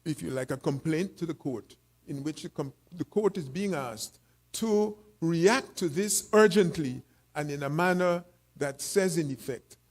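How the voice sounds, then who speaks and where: A man giving a formal, measured panel talk, slightly out of breath, pausing often with fillers. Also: a little high. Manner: measured, with frequent pauses and fillers. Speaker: panel speaker.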